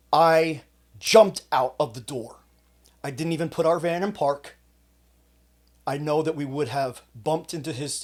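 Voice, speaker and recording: A man, a coach hosting his own channel, telling a personal story to camera in an intense, emphatic way. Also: a little high. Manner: intense, emphatic retelling with quoted shouts. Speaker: fitness coach and channel host.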